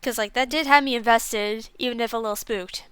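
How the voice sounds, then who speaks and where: Young female streamer, casual rambling review, clear voice, dry close mic. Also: a little high, brisk, fairly bright tone, dry recording. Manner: rambling, self-deprecating, lots of fillers. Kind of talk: casual game review chat.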